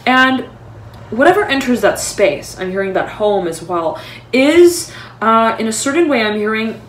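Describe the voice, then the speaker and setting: Female tarot reader at home, halting, searching delivery, roomy sound with faint background hum. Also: fairly high pitch, expressive. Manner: halting, keeps repeating "I'm hearing" between words. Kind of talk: intuitive tarot reading to camera. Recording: roomy echo.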